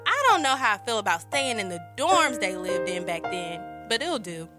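A woman's voice: medium pitch, very animated, normal speed, lightly acted. An actress voicing an earnest, upbeat young woman starting college, narrating with heartfelt expression over a music score. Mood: reflective. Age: young adult. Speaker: lead character and narrator. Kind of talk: audio drama narration and dialogue.

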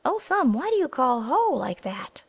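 A woman voicing a small, timid young male monkey who speaks anxiously. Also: normal speed. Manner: anxious, high.

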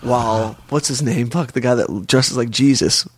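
A man's voice: medium pitch, moderate pace. A man in casual podcast chat, a comedian swearing and telling a story in a streetwise way. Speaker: comedian guest.

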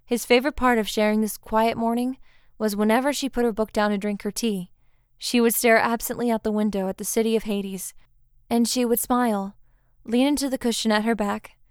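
A woman narrating a romantic story in a calm, unhurried reading. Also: a little high, smooth, no echo, studio quality.

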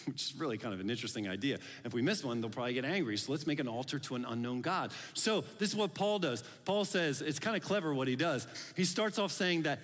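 A man's voice: medium pitch, animated, fast, fairly bright tone. A man preaching a sermon as pastor, talking in a loose, conversational and playful way and often acting out the voices of people he quotes. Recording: long hall reverb.

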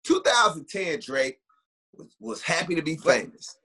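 A man with a high, bright voice and a slightly husky edge holds forth on a podcast. He talks in an emphatic, opinionated way, building his point like a story in loose, casual conversation. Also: big pitch swings, normal speed. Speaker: podcast co-host.

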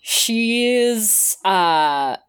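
Player, woman, unhurried, giggly and hesitant. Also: medium pitch, lively intonation, clear, resonant tone. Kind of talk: tabletop role-play chat.

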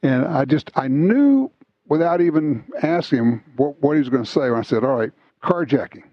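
A husky man hosts a casual talk, swapping stories in an animated, chatty way. The sound is a little dull and lo-fi. It is dry, with no room around it. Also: fairly high pitch, moderate pace, no echo. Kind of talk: casual chat, storytelling.

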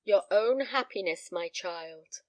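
A woman's voice: mid-range voice, lively intonation, slow pace, no echo. A woman voicing a grave, anxious elderly father, speaking solemnly and earnestly.

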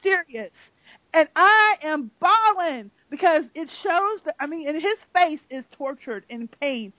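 A high-voiced woman co-hosting a podcast recaps a reality show in casual chat, retelling the story in an animated, emotional way and swearing as she goes. She speaks a little slowly, and the lo-fi recording sounds dull with no room sound.

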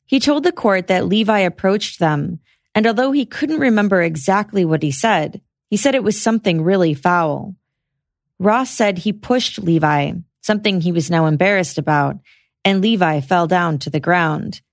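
A woman hosting a podcast, giving a measured, scripted narration of a trial's testimony. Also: fairly low pitch, no room sound, studio quality. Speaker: podcast host. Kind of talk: scripted true-crime narration.

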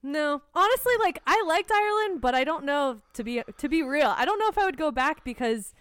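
A woman's voice: sits high, animated, brisk, a bit bright, no echo, clean studio sound. A woman from the United States co-hosting a podcast, chatting casually and bluntly, swearing now and then. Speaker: podcast co-host. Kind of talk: casual chat.

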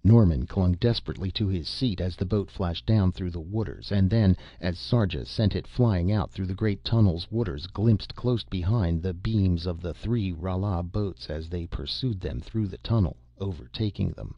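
A man narrating an audiobook in a steady, measured storytelling manner. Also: deep voice, dry recording. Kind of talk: audiobook narration of pulp science fiction. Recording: dull lo-fi dry recording.

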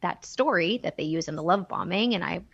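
A guest on a podcast, this woman tells a personal story candidly and with emotion, animatedly acting out the dialogue she quotes. Her voice sits on the low side and is brisk, creaky, and slightly rough. The recording is dry and dull.

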